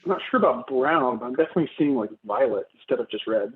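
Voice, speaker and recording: A man joining a casual wine tasting on a video call, telling quick chatty stories. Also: medium pitch, lively intonation, husky. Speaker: participant in a virtual wine tasting. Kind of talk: casual group chat over a video call. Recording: tinny phone-like call audio.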